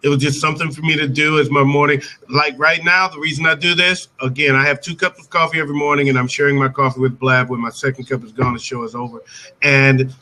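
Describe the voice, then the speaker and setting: An American man hosting a casual live-stream chat over a video call, talkative and quick to laugh, often restarting sentences. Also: mid-range voice, fairly even intonation, pushed and bright, poor audio. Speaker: host.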